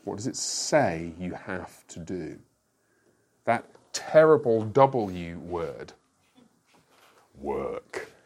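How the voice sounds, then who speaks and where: Emphatic, lively male pastor teaching a class. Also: deep voice, drawn-out words, pauses often, breathy edge. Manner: emphatic, lively, explains with rhetorical questions. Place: classroom with a whiteboard.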